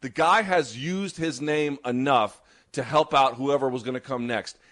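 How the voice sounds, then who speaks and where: A man talks combat sports on a show he co-hosts, with fast, animated delivery. His opinions come out strongly, with a mid-range voice. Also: medium pitch. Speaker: podcast co-host. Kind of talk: casual sports chat.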